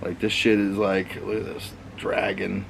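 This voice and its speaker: A man's voice: fairly low pitch, monotone, unhurried, vocal fry, slight background noise. Rambling man hosting a casual vlog. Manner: rambling, loose, swears casually. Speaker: vlog host. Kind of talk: casual chat.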